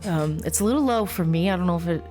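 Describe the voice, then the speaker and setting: A woman's voice: fairly low pitch, animated, quick pace, a little mellow, faint music behind. Chatty woman reading a game aloud. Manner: chatty, giggly asides while reading story text. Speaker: let's play host. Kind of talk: casual game playthrough, reading text aloud.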